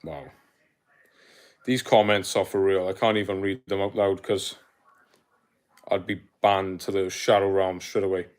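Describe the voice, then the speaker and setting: A man's voice: low voice, steady tone, a little slow, pauses often. A young Welsh man with a South Welsh accent, hosting a casual livestream, rambling with lots of fillers as he reads out viewer comments. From Wales. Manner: rambling, filler-heavy, laughs easily. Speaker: livestream host.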